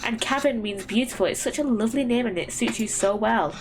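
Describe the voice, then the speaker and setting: A woman voicing an earnest immigrant mother in a video game, talking in a gently lecturing way. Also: fairly high pitch, brisk, a little hiss or hum, lightly acted. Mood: tender, earnest.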